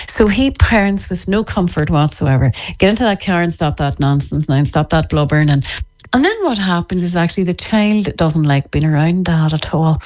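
A woman with a notably low, grounded voice talks through parenting patterns on a podcast. She is animated and often drops into quick impressions of parents speaking. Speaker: parenting author. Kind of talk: podcast interview.

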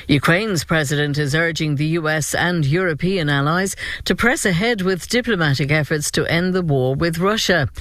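A man reads the radio news in a measured, even voice, pitched a little high for a man. The studio sound is dry and close, with no room around it. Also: no room sound. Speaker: newsreader. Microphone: studio mic.

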